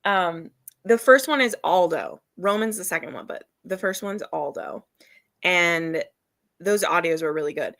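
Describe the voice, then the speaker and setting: A woman's voice: lowish voice, unhurried, gravelly, fairly bright tone, no room sound. A woman hosting a live reading stream, chatting casually and laughing often as she gushes about books. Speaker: readathon host.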